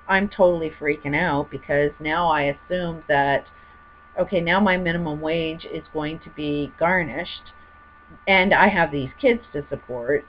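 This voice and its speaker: A woman's voice: low voice, highs cut off. A woman telling a personal story in a rambling, heated way, full of fillers. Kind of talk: personal testimony monologue.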